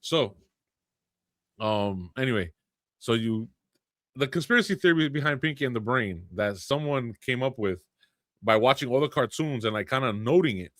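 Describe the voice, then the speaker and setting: A man co-hosting a podcast in casual chat, telling a story in an animated way with frequent restarts. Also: mid-range voice, moderate pace, pauses often, dry recording, studio quality. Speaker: podcast co-host.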